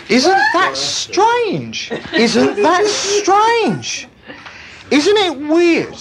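A preacher delivering a sermon in an animated, humorous way, laughing at his own jokes. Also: high-pitched, slow pace, crowd noise. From Britain.

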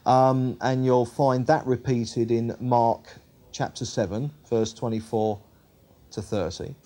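A man with a mid-range, dark voice and fairly even intonation takes it slowly as he leads a Bible study. After reading scripture aloud, he explains it conversationally, with many ums and uhs and frequent self-corrections on the fly.

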